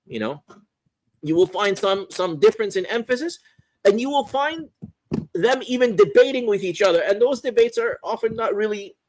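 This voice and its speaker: A man's voice: high-pitched, no echo, poor audio. A man explaining a religious text as a teacher, thinking aloud, often repeating and restarting words as he goes. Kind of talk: explaining a theology text in a class.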